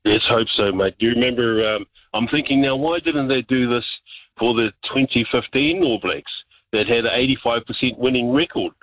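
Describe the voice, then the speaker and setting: Brief: New Zealand male caller, mid pitch, dull muffled dry line, emphatic and matey. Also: moderate pace, a bit bright, no room sound. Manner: emphatic, keeps saying mate. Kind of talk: casual phone-in chat.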